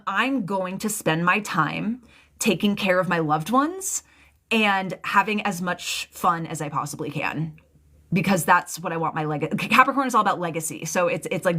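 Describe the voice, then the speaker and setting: Young woman, tarot reader on a live stream. Chatty, emotional, loose and rambling, voice sits a bit low. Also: fairly bright tone.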